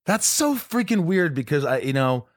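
A man's voice: on the high side, big pitch swings, normal speed. A man and actor chatting casually, telling a story and acting out the people he quotes. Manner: chatty, acts out quoted voices. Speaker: actor, podcast co-host. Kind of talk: casual conversation.

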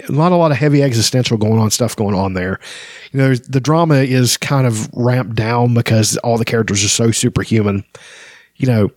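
A man's voice: mid-range voice, darkish tone, dry recording, clean studio sound. A man casually talking through a book he is reading, with frequent filler words. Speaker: book reviewer.

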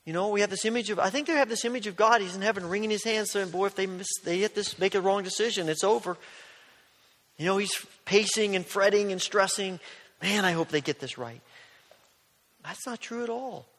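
Guy preaching a sermon, kinda high voice, chatty storytelling, echoey church hall. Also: fairly quick. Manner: conversational storytelling, drops to soft near-whispers. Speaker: pastor.

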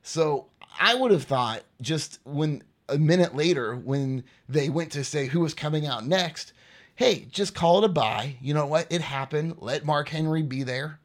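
A man's voice: a little high, fairly bright tone. A man hosting a podcast, giving a casual, rambling wrestling recap and repeating points for emphasis. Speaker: podcast host.

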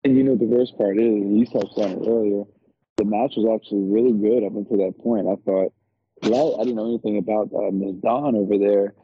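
A man co-hosting a podcast, talking in an animated, incredulous way as he recaps a wrestling match. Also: on the low side, brisk, a little hiss or hum. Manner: animated, incredulous, laughs while telling. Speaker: podcast co-host. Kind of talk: casual wrestling recap chat. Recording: dull lo-fi.

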